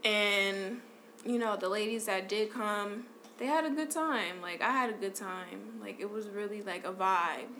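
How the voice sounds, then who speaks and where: A woman's voice: medium pitch, unhurried, slight background noise. A woman hosting a podcast, chatting casually and loosely with lots of slang and fillers. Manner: relaxed, slangy, lots of "like" and "you know". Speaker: podcast host.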